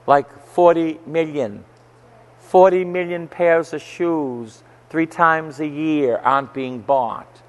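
A male Catholic priest preaching a sermon, telling stories emphatically and rising to forceful outbursts. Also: on the high side, takes it slowly. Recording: long church hall reverb.

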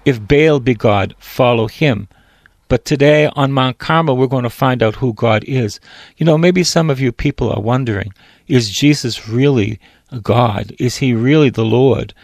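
A man's voice: medium pitch, measured pace, a little mellow, no echo. A priest preaching a sermon, reading scripture aloud and breaking off to explain it, lifting his voice when he quotes God or a prophet.

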